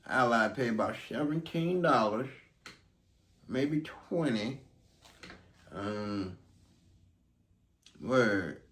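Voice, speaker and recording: A man's voice: medium pitch, lively intonation, drawn-out words, pauses often, a bit bright, slight background noise. A man recapping events in a loose, conversational vlog, with lots of ums. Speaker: vlogger recapping a court trial. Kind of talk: casual commentary. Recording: roomy sound, distant from mic.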